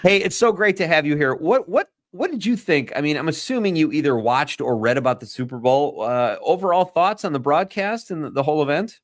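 Man, low-ish lively voice, playful radio host, dry studio sound. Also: brisk, few pauses, dry recording. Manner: playful, joking, laughs easily. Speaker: radio talk show host. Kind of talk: casual radio talk show chat.

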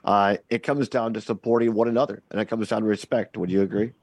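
A man's voice: fairly low pitch, steady tone, quick pace, darkish tone, dry recording. A man hosting a call-in radio talk show, earnest and often repeating words as he starts a sentence.

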